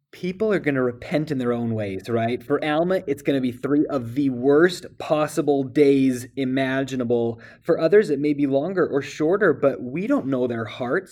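A man speaks with earnest feeling, often pausing and restarting his sentences. His voice sits in a middle pitch, and he talks like a guest reflecting on scripture in a podcast conversation. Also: darkish tone. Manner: earnest, emotional, halting with restarts. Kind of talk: heartfelt scripture discussion.

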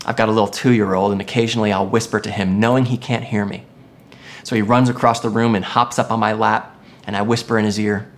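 A pastor preaching a sermon in an expressive way, moving between emphatic lines and hushed ones. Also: medium pitch, normal speed, slight background noise.

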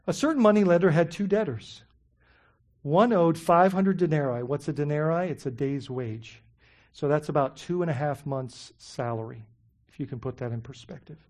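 Animated preacher full of rhetorical questions. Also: mid-range voice, normal speed. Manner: animated, many rhetorical questions, conversational fillers. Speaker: pastor. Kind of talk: sermon.

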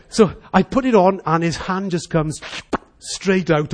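An animated Welsh storyteller in middle age delivers a sermon, performing the voices of the figures in his tales. He talks fairly quickly, his voice pitched high.

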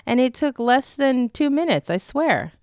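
A woman's voice: high voice, big pitch swings, a little slow, a little mellow, clear, resonant tone, no echo. A woman co-hosting a casual podcast chat, telling a story with animation and frequent laughs, recorded in a city studio. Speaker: podcast co-host.

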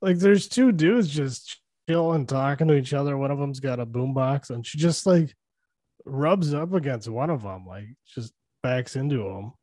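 A man's voice: mid-range voice, expressive, moderate pace, a little mellow, dry recording. A man co-hosting a podcast, breaking down a movie in loose, profane chat and laughing often. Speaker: podcast co-host.

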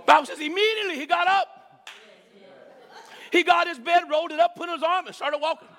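A man preaching a sermon with emphatic repetition, rising to shouts. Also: extremely high pitch, fast.

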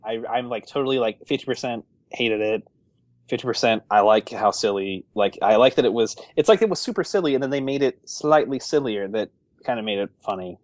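A man's voice: medium pitch, fairly quick, no echo. A man co-hosting a movie podcast in casual chat, rambling with lots of fillers. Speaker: podcast co-host.

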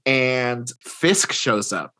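A man with a bright, forceful voice chats casually, retelling a story in a loose, rambling way. He fills his sentences with "like" and slips into quick impressions of the characters. His pitch sits in the middle range. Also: lively intonation. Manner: rambling retelling with fillers and acted-out quotes. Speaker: podcast co-host recapping comics. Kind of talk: casual chat.

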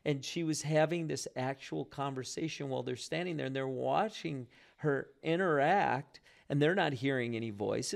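This man's voice is fairly high and gravelly as he talks casually about prayer and faith. An animated storyteller, he restarts himself frequently.

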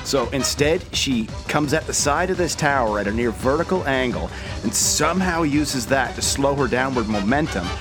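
A man's voice: medium pitch, lively intonation, normal speed, music in the background. A man co-hosting a podcast, recapping a cartoon episode with wry jokes and laughs between lines. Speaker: podcast co-host. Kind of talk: casual recap chat.

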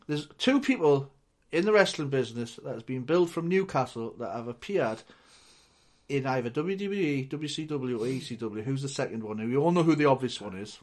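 A man's voice: mid-range voice, lively intonation, fairly quick, darkish tone. A man co-hosting a podcast in casual chat, teasing the others and quizzing them. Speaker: podcast co-host.

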